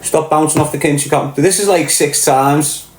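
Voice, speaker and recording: At a moderate pace and a steady tone, a man with a slightly high voice and a Liverpool accent reads out his livestream chat. He rants casually, bluntly and with swearing, over a little hiss or hum and a roomy echo.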